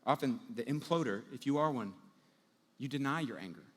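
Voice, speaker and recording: A man preaching a sermon as pastor, telling everyday scenes with lively acted-out moments. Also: mid-range voice, a little fast, in a large hall. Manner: animated storytelling, acting out everyday scenes.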